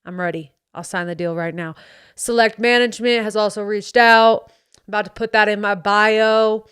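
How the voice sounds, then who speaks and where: A woman's voice: mid-range voice, expressive, moderate pace, a bit bright, dry recording, studio quality. A woman playing a cocky young male dad influencer who talks with a faint southern twang in a swaggering, slangy, boastful way, as a comedic character monologue. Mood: braggy.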